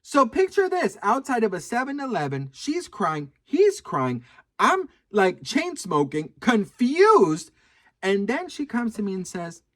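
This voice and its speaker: A man telling a gossipy story to camera, sassy and animated, swearing freely and calling his viewers "girl.". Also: sits high, measured pace. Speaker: video creator.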